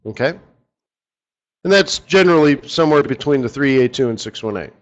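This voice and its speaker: A man's voice: medium pitch, lively intonation, a little fast. Chatty male trading strategist, lo-fi audio. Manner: casual, rambling, asks the audience rhetorical questions. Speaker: forex market strategist. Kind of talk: live trading strategy session.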